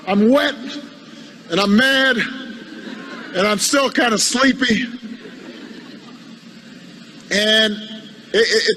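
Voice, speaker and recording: A politician delivers a humorous anecdote in a high, bright voice. He speaks haltingly and doubles up words as he goes. His tone stays wry throughout. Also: a little hiss or hum, rough recording. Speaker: politician giving a speech.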